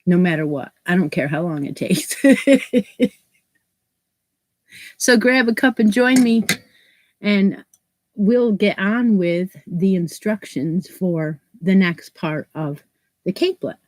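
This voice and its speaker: A woman from New York State hosts a casual crochet live stream. Her voice sits a little low and sounds stuffed up from allergies. She chats on and greets viewers by name, and the recording is close and dry with no room echo. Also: animated, a little slow, a little mellow. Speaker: crochet channel host.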